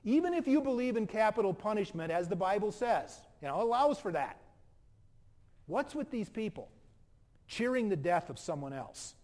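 A man preaching a sermon from the pulpit, animated, acting out the quoted lines as he goes. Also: sits high. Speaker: pastor.

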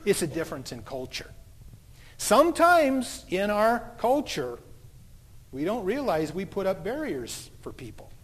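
A man's voice: sits high, wildly swooping pitch, measured pace. A man preaching a sermon as a pastor, telling stories in a conversational way. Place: church sanctuary. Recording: long church reverb.

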